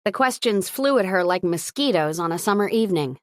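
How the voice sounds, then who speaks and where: A woman narrating an audiobook in an expressive, lively reading. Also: mid-range voice, brisk, dry recording, clean studio sound.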